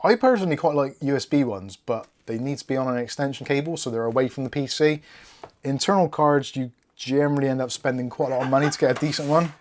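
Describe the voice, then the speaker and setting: A man's voice: mid-range voice, fast. A man hosting a live PC build stream, chatting casually and reading out viewer comments while he works. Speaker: tech channel host.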